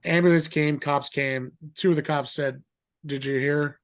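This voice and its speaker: A middle-aged man telling a story in a rambling, animated way, acting out the voices of others. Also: fairly high pitch, unhurried. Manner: animated, acts out quoted voices; rambling with fillers and restarts. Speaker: guest. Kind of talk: casual storytelling.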